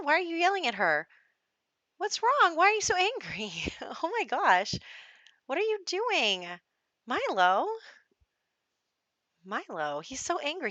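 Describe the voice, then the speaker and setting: A woman's voice: fairly low pitch, pushed and bright, dry recording, dull audio. A young adult woman giving casual, rambling commentary over a life-sim game, with lots of fillers and little laughs. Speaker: gameplay commentator.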